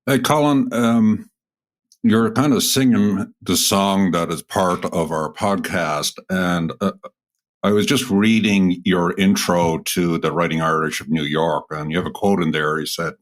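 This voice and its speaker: A man's voice: sits low, measured pace. A man hosting a podcast, asking his guest questions in a conversational way. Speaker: podcast host. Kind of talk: podcast interview.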